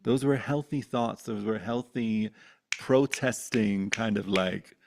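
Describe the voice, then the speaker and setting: A man in his thirties shares his personal story in an open, heartfelt way. His voice has a gravelly, fry-tinged texture. He talks with animated feeling, swears freely and keeps restarting his sentences. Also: lowish voice, slow, noisy background. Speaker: guest sharing his life story.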